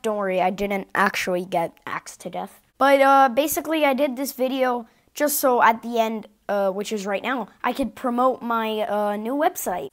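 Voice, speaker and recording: High-voiced woman rambling casually to viewers. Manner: rambling, hesitant, full of fillers. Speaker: YouTuber. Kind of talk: casual channel update.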